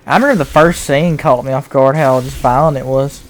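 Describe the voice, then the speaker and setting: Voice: mid-range voice, a little fast, faint music behind. A speaker making brief, laid-back remarks while playing a game with a friend.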